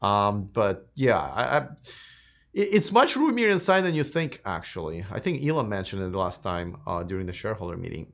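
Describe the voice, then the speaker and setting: A man hosting a live electric car stream, answering viewer comments in a casual, chatty way, slightly hoarse. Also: on the low side, sing-song, moderate pace, fairly bright tone, dull audio. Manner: casual and chatty, many fillers and restarts. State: slightly hoarse, losing his voice.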